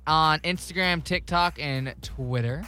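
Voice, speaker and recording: A man's voice: on the high side, measured pace, bright, forceful tone, faint music behind. A man co-hosting a radio show, chatting in a laid-back, giggly way. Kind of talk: casual chat.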